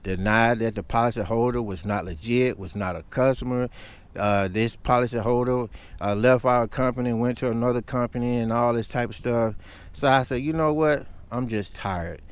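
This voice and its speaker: A man's voice: medium pitch, steady tone, moderate pace, clear, resonant tone. A man vlogging, telling a story in a heated, emphatic rant.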